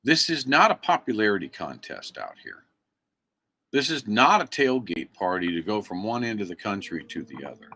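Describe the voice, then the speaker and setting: A man's voice: lowish voice, huge pitch swings, normal speed, bright, forceful tone. An American man giving an angry, emphatic livestream rant into his computer mic, preaching to viewers. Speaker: activist live streamer. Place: indoors at a computer.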